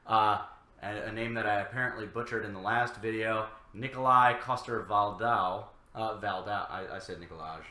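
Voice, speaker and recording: A man co-hosting a reaction show, reading viewer comments aloud with halting fillers. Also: lowish voice, pushed and bright, reverberant.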